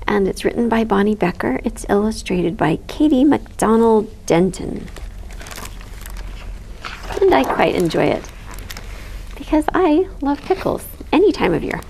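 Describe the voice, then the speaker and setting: A woman reading a picture book aloud as a library storyteller, lively and expressive with soft giggles. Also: fairly high pitch, unhurried, creaky, long pauses, a little hiss or hum, rough recording.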